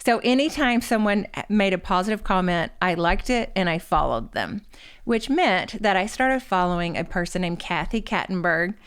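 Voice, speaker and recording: Candid woman in her forties, smooth voice. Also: medium pitch, lively intonation, moderate pace. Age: 40s. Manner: candid, self-deprecating storyteller. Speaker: guest author. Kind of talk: podcast interview storytelling.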